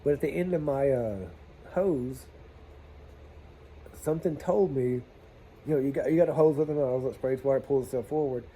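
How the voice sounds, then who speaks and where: A man telling a plumbing job story in a casual vlog, animated and swearing freely as he talks to his viewers. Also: medium pitch, normal speed, long pauses, slight background noise.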